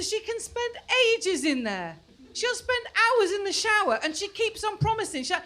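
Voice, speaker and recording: Bright, high-voiced woman doing stand-up. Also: big pitch swings, normal speed. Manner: chatty, self-mocking, mimics her kids in shrill voices. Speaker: stand-up comedian. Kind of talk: stand-up comedy set. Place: comedy club stage before a live audience.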